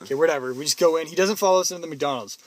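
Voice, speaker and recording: Lively young Canadian man telling stories. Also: fairly high pitch, racing. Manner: animated, acts out quotes in loud put-on voices. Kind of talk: casual storytelling chat.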